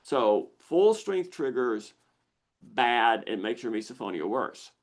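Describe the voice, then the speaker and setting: A man's voice: mid-range voice, slow. Older man explaining on a video call. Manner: explanatory, acts out the inner voice of the brain with animated exclamations. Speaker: misophonia researcher hosting a Q&A. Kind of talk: live Q&A explanation.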